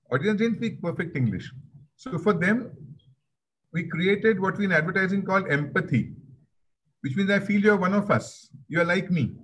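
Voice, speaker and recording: A man's voice: on the high side, a bit bright, husky, rough recording. A man with an Indian accent giving a conversational webinar talk, anecdotal and repeating phrases for emphasis, over a video call. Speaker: webinar guest speaker.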